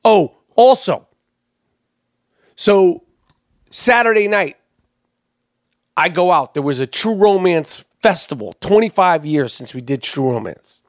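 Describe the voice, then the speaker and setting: High-voiced man, profane podcast host. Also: animated, slow, pauses often, no echo, studio quality. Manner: profane, heated storytelling. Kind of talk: casual chat.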